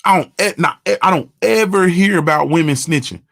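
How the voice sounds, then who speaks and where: A man's voice: on the high side, a little fast, gravelly, fairly bright tone, dry recording, clean studio sound. A man, hosting a morning show and talking bluntly and profanely in a casual monologue. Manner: blunt, profane, repeats "you understand what I'm saying".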